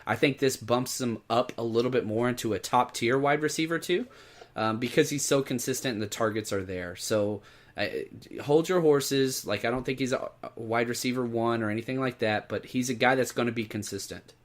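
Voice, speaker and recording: Male podcast co-host, mid-pitched, glum and deflated delivery, casual fantasy football talk. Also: a little fast. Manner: deflated, glum, talking low and flat.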